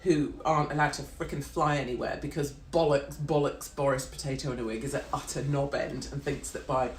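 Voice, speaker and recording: With a rumbling low voice and a steady tone, a middle-aged British woman rants briskly on a live stream, brash, sweary and sarcastic throughout her monologue. The audio carries a roomy echo and slight background noise.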